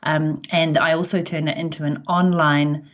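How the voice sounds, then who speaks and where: A woman's voice: low-pitched, little pitch movement, normal speed, highs cut off. A woman with a New Zealand accent, telling stories in a chatty way with plenty of ums as a podcast guest. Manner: chatty storytelling with frequent ums. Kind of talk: casual podcast interview.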